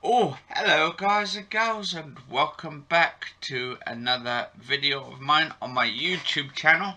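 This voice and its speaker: A man's voice: on the high side, unhurried, few pauses, pushed and bright. A man vlogging casually to his channel, rambling with many fillers and self-corrections. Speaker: YouTube vlogger reviewing soap episodes. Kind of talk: casual chat to camera.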